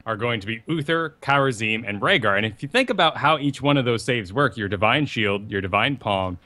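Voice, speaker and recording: A man's voice: medium pitch, animated, a little fast, pushed and bright. A man co-hosting a gaming podcast, breaking strategy down step by step with wry asides. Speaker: podcast co-host. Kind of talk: casual podcast chat and strategy explanation.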